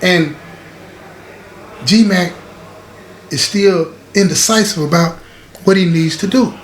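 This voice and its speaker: A man's voice: sits high, slow pace. A man telling a story casually and emphatically, repeating lines and speaking straight to his listeners. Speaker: storyteller host. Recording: roomy echo, faint background hiss.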